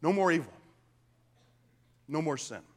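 A man preaching a sermon as a pastor, swinging from hushed whispers to loud, emphatic declarations. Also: on the high side, very animated, measured pace. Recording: long reverb of a large hall.

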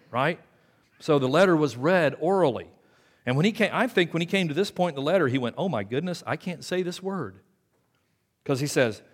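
Older man preaching in a reverberant church. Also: fairly high pitch. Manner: conversational preaching, dropping to quiet asides. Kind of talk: sermon. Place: church sanctuary. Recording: long hall reverb in a church.

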